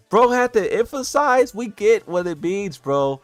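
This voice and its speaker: Lively, animated male streamer voice. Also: sits high, a little slow, dry recording. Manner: incredulous, teasing, laughs at what he reads. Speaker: gaming content creator. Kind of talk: casual commentary to viewers.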